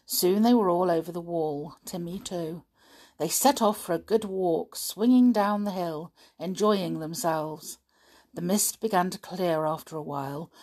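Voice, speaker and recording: Woman reading a storybook, lower voice. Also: slightly rough. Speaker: audiobook narrator. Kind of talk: storybook narration.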